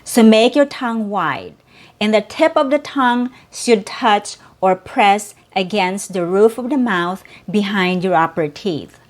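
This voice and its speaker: A medium-pitched woman, Cebuano by first language, leads a slow and clear lesson on English pronunciation, patiently repeating each sound and word for the learner.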